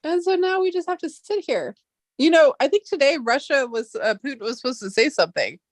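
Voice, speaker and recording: A woman's voice: high-pitched, lively intonation, brisk, no room sound. A woman vlogger ranting casually and heatedly, swearing often and rambling with restarts.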